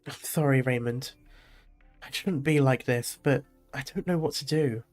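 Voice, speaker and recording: A man's voice: mid-range voice, normal speed, a little mellow, soft background music, lightly acted. A man reading as a grief-stricken young winged woman. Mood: anguished. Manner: reading the lines aloud, mostly plain.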